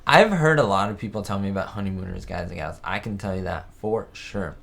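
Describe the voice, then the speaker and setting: A slightly low-voiced man from the United States chats casually on his live stream. He rambles from one thought to the next and reads viewer comments aloud as he goes. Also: a little fast, gravelly, fairly bright tone. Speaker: host of a live chat show. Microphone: webcam setup.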